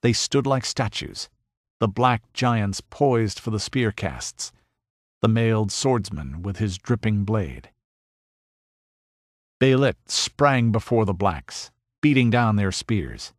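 A man giving a dramatic audiobook narration in a measured, grave way. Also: on the low side, animated, dry recording, clean studio sound.

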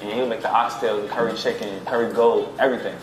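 A man's voice: on the low side, fairly even intonation, fast talker. A man from the New York area speaking bluntly and matter-of-factly in an interview clip. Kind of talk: interview talk. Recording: echoey with background noise.

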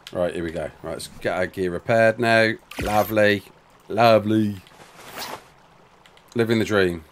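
Lively, chatty man streaming a game. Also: on the low side, slight background noise. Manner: chatty, rambling, talks to chat and himself, quick exclamations. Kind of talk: casual live-stream chat while playing.

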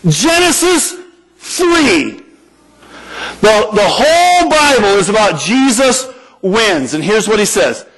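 A man with a high voice delivers a church sermon with lively animation. He slips into acted-out prayers and dialogue as he preaches. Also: slow pace, low-quality recording.

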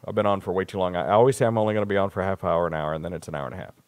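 A man's voice: sits low, steady tone, racing, no echo. A man hosting a live talk show, ranting in a blunt, profane, rambling way. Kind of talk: casual live-stream rant.

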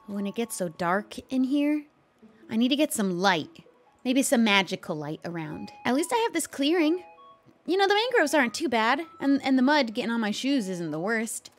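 Hosting a roleplay series, a woman stays in character as a modest young witch, narrating in a bubbly, self-deprecating way. Her voice is a little high with big pitch swings at a normal speed, and faint music plays behind her.

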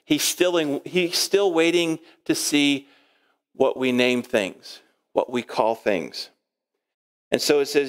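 A male pastor preaching a sermon in a lively way, acting out quoted speech and chuckling often. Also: medium pitch, unhurried. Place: church sanctuary.

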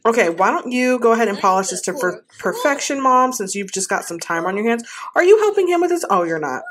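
A woman's voice: medium pitch, fairly quick, fairly bright tone. A woman giving casual gameplay commentary, talking to her game characters in an exasperated, playful way. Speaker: gaming host.

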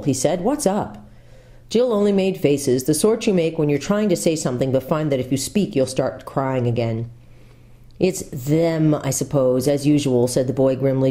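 A woman pastor reading a children's book aloud, telling it with expressive, lively storytelling. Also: sits low.

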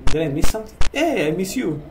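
A man's voice: sits high, sing-song, quick pace, roomy sound, very noisy. A man in a comic vampire persona, commenting in broken English while playing a horror game and talking to what he sees. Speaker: let's play gamer in a vampire persona.

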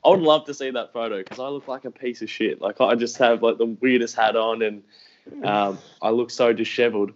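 A man's voice: medium pitch, fairly even intonation, fairly quick, lo-fi sound, slight background noise. A young Australian man telling stories in a casual podcast interview, rambling and self-deprecating, acting out what people said. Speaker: podcast guest, AFL YouTuber.

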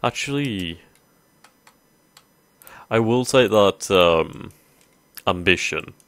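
A man's voice: lowish voice, animated, extremely slow, a bit bright, no room sound. A man hosting a strategy game let's play, thinking aloud casually with many ums. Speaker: gaming video host.

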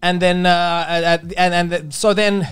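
A man's voice: sits high, flat delivery, a little slow, a bit bright, clear, resonant tone. A man co-hosting a podcast, telling a rambling story in casual chat and laughing often. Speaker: podcast co-host.

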